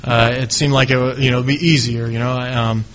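A middle-aged man giving a personal testimony speech about his recovery. He talks earnestly and haltingly, with many restarts. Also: medium pitch, level tone, fairly bright tone, rough recording. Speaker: speaker sharing his recovery story.

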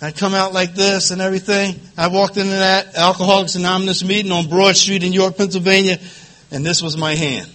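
High, bright-voiced man with a quivering voice. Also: little pitch movement. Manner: emotional, halting, repeats phrases, laughs between lines. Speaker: recovery meeting speaker. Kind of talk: personal testimony at a support group meeting.

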